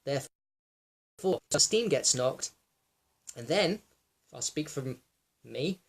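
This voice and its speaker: A young man in a raw personal monologue, reflective and halting, with many fillers and restarts, sometimes close to tears. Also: medium pitch, animated, gravelly, breathy edge. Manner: emotional, close to tears at times. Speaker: wellness vlogger.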